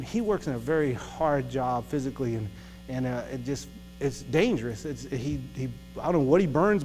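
Man, preacher, storytelling testimony, laughs often, soft music behind. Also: medium pitch. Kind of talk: sermon testimony. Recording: reverberant hall with music.

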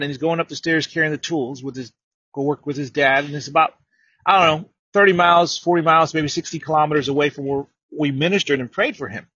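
A man preaching a sermon, telling a story with many repeated words and building to loud, emphatic declarations. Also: fairly high pitch, breathy edge, no room sound.

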